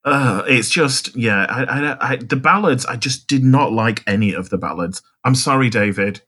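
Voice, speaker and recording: A man's voice: medium pitch, normal speed, pushed and bright, husky. A man co-hosting a casual podcast chat, dramatic and theatrical in his disgust. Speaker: podcast co-host.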